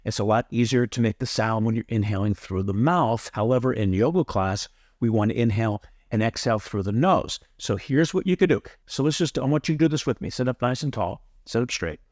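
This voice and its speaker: A man gives a yoga breathing lesson in an earnest, emphatic way, repeating his key points for weight. His voice sits at a middle pitch. The sound is dry and close, with no room echo. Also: a little fast, a little mellow. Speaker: yoga teacher. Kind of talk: instructional tutorial.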